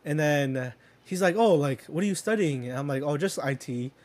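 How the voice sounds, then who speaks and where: A young man with a fairly high, darkish voice and lively intonation talks a little fast. In casual chat he tells a long, wandering story full of fillers and swearing, laughing under his breath as he goes.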